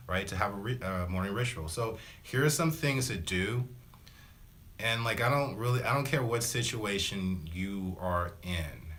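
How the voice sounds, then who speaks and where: A man with a very low voice and a forceful, bright tone talks to camera about positive energy. He rambles, drops slang like "man" and "right?", and slips into quick little character voices to make a point. A faint hiss sits under the recording. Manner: acts out little voices for examples. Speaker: spiritual self-help vlogger. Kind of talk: casual motivational talk to camera.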